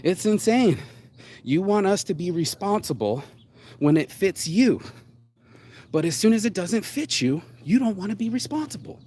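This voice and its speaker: A man hosting his own show, ranting bluntly in a solo monologue, swearing often and jumping suddenly up and down in pitch. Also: expressive, moderate pace, dark tone. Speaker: show host.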